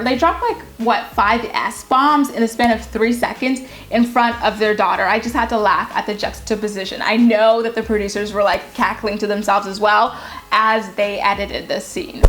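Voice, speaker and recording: A woman's voice: fairly high pitch, fairly bright tone. A young woman casually recapping a reality show, candid and gossipy, with lots of filler words.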